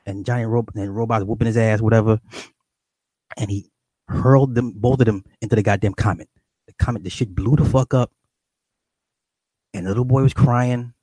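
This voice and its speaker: A man's voice: lowish voice, steady tone, moderate pace, long pauses, warm tone, no echo. A middle-aged man streaming to his viewers in a casual, profane rant, repeating and restarting phrases as he goes.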